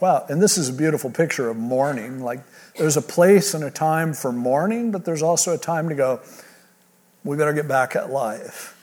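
Male pastor, slightly higher voice, conversational expository preaching with quick asides. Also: darkish tone, husky. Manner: reads scripture aloud then paraphrases it in casual modern speech; conversational, with restarts. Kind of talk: expository sermon.

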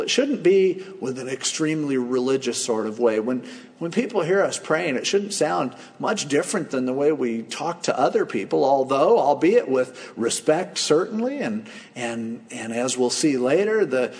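A man delivers a sermon as a pastor, telling stories in a relaxed, conversational way and acting out the lines he quotes. His voice sits a little high and has a gravelly edge. Long reverb from a large hall trails after each phrase. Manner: conversational storytelling with acted-out quotes.

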